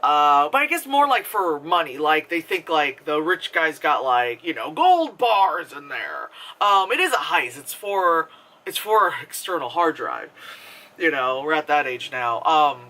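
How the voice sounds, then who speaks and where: A man's voice: on the high side, sing-song, unhurried, sharp tone. A man giving a casual, rambling movie review, full of fillers and swearing. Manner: rambling, filler-heavy, profane.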